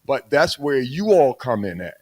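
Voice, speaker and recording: An older man with a Baltimore accent co-hosting a podcast, talking in an animated, preachy way with some teasing. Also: mid-range voice, moderate pace, no room sound. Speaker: podcast co-host. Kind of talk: casual chat.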